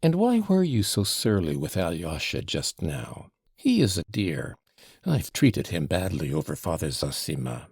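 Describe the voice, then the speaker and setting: A man voicing the devil in an audiobook, a fawning gentleman visitor who mocks in mock-polite, ingratiating tones. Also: low voice, huge pitch swings, measured pace, vocal fry, husky, dry recording, studio quality, voice pushed down, full character voice. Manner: mocking, fawning, mock-polite, with French flourishes. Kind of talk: audiobook character reading.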